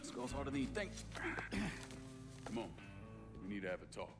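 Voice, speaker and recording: A man's voice: medium pitch, big pitch swings, moderate pace, natural voice. A man playing a tough, blunt middle-aged crime boss in a video game, dry and matter-of-fact. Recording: game audio under loud music.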